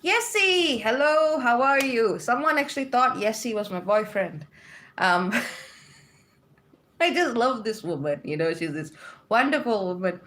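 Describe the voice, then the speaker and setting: A woman's voice: mid-range voice, animated, a little slow, pauses often, fairly bright tone. A woman hosting a casual livestream from home, reading viewer comments aloud and chatting back with frequent laughs.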